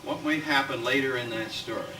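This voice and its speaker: A man's voice: mid-range voice, fairly even intonation, a little fast. A male teacher leading a classroom demonstration lesson. He coaxes the students and repeats their sentences back to the class. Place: classroom with grade-five students. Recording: roomy, distant, noisy classroom recording.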